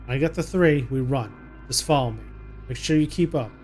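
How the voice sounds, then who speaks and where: A man voicing a frightened young mother who talks to her little son in a hushed, soothing way, reading game dialogue aloud. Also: mid-range voice, brisk, faint music behind, natural voice. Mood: urgent, tender. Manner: hushed and soothing, coaxing a child.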